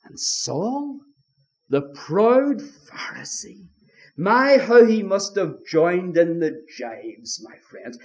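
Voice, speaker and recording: A man's voice: high-pitched, sing-song, slow pace. A man preaching a sermon in a fervent old-style manner, appealing again and again to his listeners with rhetorical questions.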